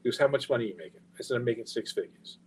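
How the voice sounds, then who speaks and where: A man's voice: mid-range voice, rapid-fire, slight background noise, poor audio. Profane New man telling stories. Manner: profane, animated anecdote-telling with quoted dialogue. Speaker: guest, record label founder. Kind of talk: casual storytelling interview.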